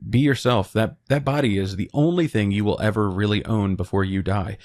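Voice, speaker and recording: A man's voice: on the low side, a little fast, a little mellow. A young man hosting a video essay, giving opinionated commentary with joking asides. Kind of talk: casual commentary.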